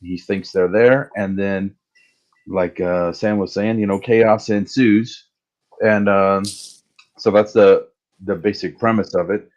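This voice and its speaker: A man casually pitching his comic book as a guest, halting with many fillers and growing quieter. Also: steady tone, lo-fi sound.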